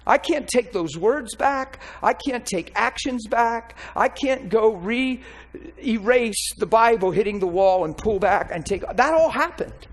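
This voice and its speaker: A man's voice: sits high, animated, slow pace, low-quality recording. A man preaching his testimony in an impassioned, emphatic way. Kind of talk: testimony sermon.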